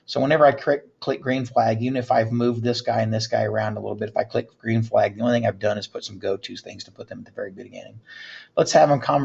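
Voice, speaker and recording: A man teaching a screen-recorded coding tutorial, talking through each step in a relaxed way with fillers. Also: mid-range voice. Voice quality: gravelly, husky. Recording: dull lo-fi mic.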